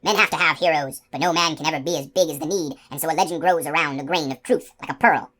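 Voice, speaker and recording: A woman's voice: low-pitched, fast talker, a bit bright. A woman voicing a nervous, pompous male outlaw captain who talks in a fussy, lecturing way.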